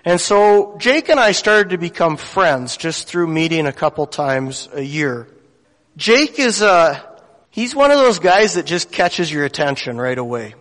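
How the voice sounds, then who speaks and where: A man's voice: on the high side, big pitch swings, unhurried, a bit bright. A man, a lay preacher telling a story in a sermon with folksy, conversational asides, in a church sanctuary. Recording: long church hall reverb.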